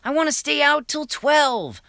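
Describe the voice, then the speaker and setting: A man's voice: very high-pitched, animated, unhurried, pushed and bright, no room sound, studio quality, voice pushed up, exaggerated voice. Man playing a pleading teen boy, voice pushed well up. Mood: whiny. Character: teenage boy pleading with his father.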